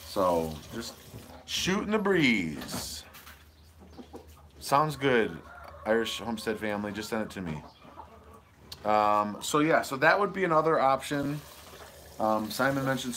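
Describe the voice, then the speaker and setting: Speaking into a wireless lapel mic with a little hiss or hum, a homesteading channel host from Michigan answers viewer comments on a casual outdoor live stream from his homestead. He reads them aloud and rambles goofily in a mid-range, fairly bright voice.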